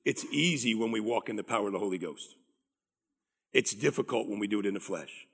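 A middle-aged man preaching a sermon, animated and drawing call-and-response from the congregation. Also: on the low side, fairly quick, vocal fry, breathy edge. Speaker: pastor.

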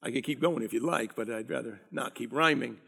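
A middle-aged man preaching a sermon, animated and drawing call-and-response from the congregation. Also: medium pitch, a little fast, gravelly, slightly rough. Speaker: pastor.

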